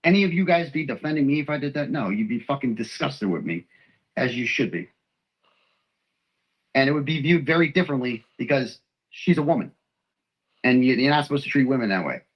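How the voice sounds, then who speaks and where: A man from texas venting on his livestream, all rambling and cussing, hurt and heated, voice sitting right in the middle of the range for a guy, mid-pitched and easy to follow, no polish to it at all, just raw and worked up. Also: expressive, a little fast, pauses often, husky, highs cut off. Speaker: livestream host. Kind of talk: emotional livestream rant.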